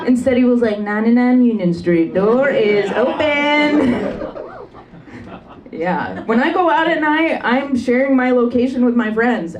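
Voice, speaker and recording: A young woman doing a brash, deadpan stand-up comedy set in a club. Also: on the high side, highs cut off. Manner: deadpan, brash, sharp punchlines. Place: comedy club stage with live audience. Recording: distant live club recording with crowd.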